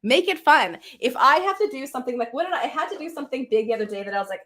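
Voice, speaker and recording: A woman's voice: high voice, animated, very fast, hardly any pauses, bright, forceful tone. A woman host talking casually and upbeat, often adding "right?" and restarting her sentences while she answers comments. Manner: chatty, upbeat, with many "right?" tags and restarts. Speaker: podcast host. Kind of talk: casual solo talk reading live comments.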